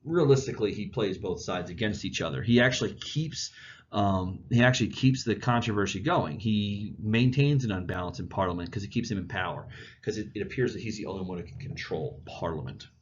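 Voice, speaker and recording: A man's voice: on the low side, brisk, highs cut off, slight background noise. A male history teacher giving a casual, chatty classroom lecture. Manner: casual, chatty, animated storytelling.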